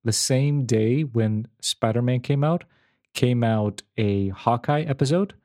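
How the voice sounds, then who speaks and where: A man in casual conversation, talking in a rambling, animated way with frequent restarts and laughs. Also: medium pitch, slow pace. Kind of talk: casual chat.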